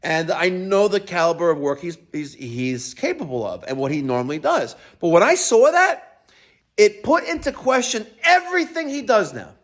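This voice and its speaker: A man's voice: high-pitched, sing-song, normal speed, fairly bright tone. Rambling middle-aged man, plumbing boss. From New York. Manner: rambling, frequent fillers and self-corrections. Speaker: plumbing business owner. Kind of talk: unscripted video talk.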